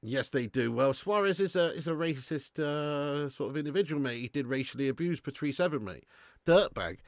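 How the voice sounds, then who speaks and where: A man in his thirties hosts a live football watch-along, chatting casually, swearing freely, and answering viewers' comments. His voice is a little high with lively intonation and a brisk pace, with no echo.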